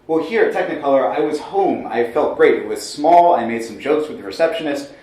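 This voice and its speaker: A man in his thirties telling a comic personal story on a small stage, lively with wry asides. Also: a little high, a little fast. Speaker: solo storyteller. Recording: very echoey room, mic far off.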